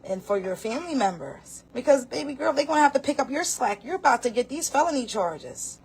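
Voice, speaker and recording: A woman's voice: on the high side, slight background noise. A woman who makes social media videos, ranting bluntly with lots of swearing in a casual vlog.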